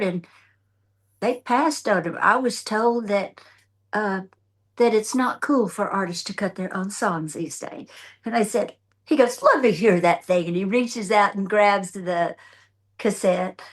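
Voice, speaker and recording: An older woman from the United States, a country songwriter and guest, telling a long story in a casual interview, jumping into other people's voices as she goes. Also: mid-range voice. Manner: animated, acts out others' voices in her anecdotes. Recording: remote.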